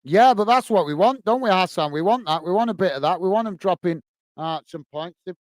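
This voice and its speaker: A man hosts a casual football live stream and reads out viewer messages one by one. His voice sits fairly high and comes through smooth and close on a dry mic. He thanks everyone warmly and calls each viewer "mate". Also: animated, fairly quick, no room sound. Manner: friendly, repeats thanks and "mate" often. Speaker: football fan channel host reading live chat.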